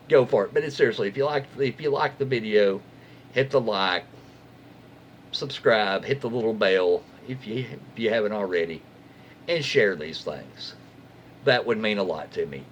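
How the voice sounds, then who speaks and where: A man's voice: fairly low pitch, moderate pace, a little hiss or hum. A man reading Reddit stories aloud as a YouTube host, casually breaking off for folksy, wry asides and jokes he censors himself. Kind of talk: casual story reading with commentary.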